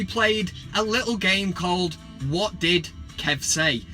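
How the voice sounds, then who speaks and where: Sweary sarcastic bloke, bright voice. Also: male voice, high voice, takes it slowly, hardly any pauses, soft background music. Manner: sweary, sarcastic, bursts of mock excitement. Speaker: football vlogger. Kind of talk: casual comic rant.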